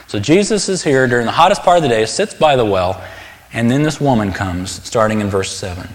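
A man's voice: medium pitch, expressive, a little fast. Man preaching in a reverberant hall. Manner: earnest, conversational preaching with emphatic stresses. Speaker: pastor. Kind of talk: sermon.

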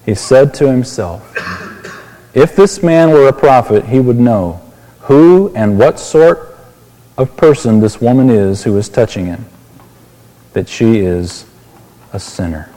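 Male pastor, sermon, mellow voice, long hall reverb, asks the congregation questions. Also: medium pitch, lively intonation, takes it slowly, pauses often. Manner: explains a Bible passage, asks the listeners questions.

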